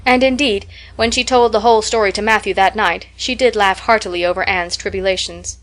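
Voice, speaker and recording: A woman reading a classic novel aloud as an audiobook narrator, measured and expressive. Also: mid-range voice. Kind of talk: scripted narration.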